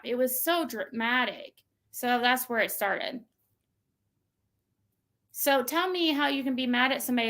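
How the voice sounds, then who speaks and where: A woman's voice: creaky, fairly bright tone. A woman hosting her own channel, venting casually and exasperatedly, mimicking the messages she received. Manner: venting, exasperated, mocks quoted texts in a shrill voice. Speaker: channel host. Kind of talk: casual livestream rant.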